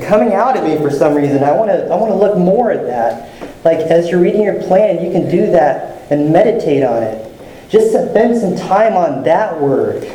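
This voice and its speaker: A man's voice: high-pitched, mellow, echoey room, rough recording. A male pastor giving a sermon in a conversational, encouraging way, often repeating phrases.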